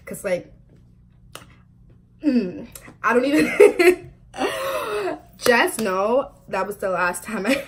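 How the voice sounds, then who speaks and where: A woman in her twenties telling a storytime vlog, talking quickly and chattily with lots of "like" fillers and frequent laughs. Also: medium pitch. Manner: chatty and fast, full of "like" fillers, laughs often. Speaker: vlogger.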